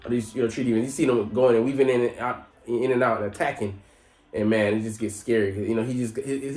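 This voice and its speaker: A man's voice: mid-range voice, fairly even intonation, quick pace, darkish tone. Rambling, profane man reviewing anime. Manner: rambling, lots of fillers, profane. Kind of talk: casual reaction commentary. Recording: echoey room, faint music.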